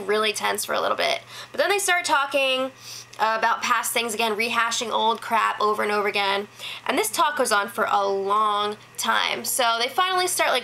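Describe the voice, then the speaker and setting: A woman hosting a reality show recap gives a casual spoken rundown, chatty and full of "like" fillers, quickly mimicking other people. Her voice is a little high with a sharp tone, and the audio is poor.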